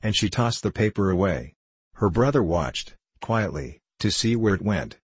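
A man reading a classic novel aloud in a measured, unhurried way, with a husky voice. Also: low voice, animated, dry recording. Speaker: audiobook reader.

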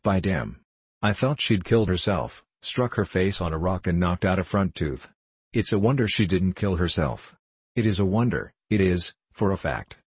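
A man reading the lines of an excitable, loud, quick-tempered young man in a novel, blustering and repeating himself. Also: sits low, husky, dry recording. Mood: excited.

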